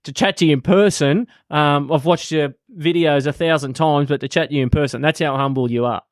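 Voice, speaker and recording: A man's voice: fairly high pitch, a little fast, dry recording, studio quality. A man hosting a podcast, talking to his guest and listeners in a friendly, praising way. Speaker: podcast host. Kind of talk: casual chat.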